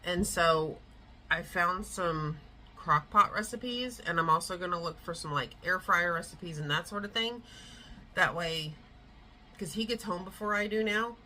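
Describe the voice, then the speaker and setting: A middle-aged woman vlogger chats casually to her tripod camera at home, rambling with lots of fillers. Her voice is lowish, unhurried, bright, and forceful, and the low-quality recording carries a little hiss or hum.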